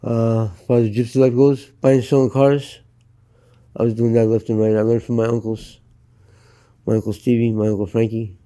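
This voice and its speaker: A middle-aged American man tells his story in an interview, blunt and full of profanity. His voice is very dark and mellow. He sits at an ordinary middle pitch and speaks flatly, as if stating plain facts. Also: a little fast. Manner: blunt, profane, matter-of-fact. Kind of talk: candid storytelling. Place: Los Angeles.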